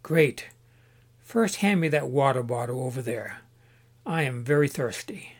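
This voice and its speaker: A man voicing a kindly middle-aged father in a storybook, speaking calmly and plainly. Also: mid-range voice, a little slow.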